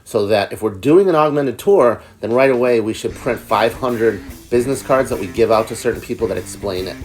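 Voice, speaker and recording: A man's voice: mid-range voice, animated, brisk. A man hosting, talking through business plans in an eager, rambling way. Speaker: host. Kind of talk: casual planning chat. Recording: talk over music. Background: music.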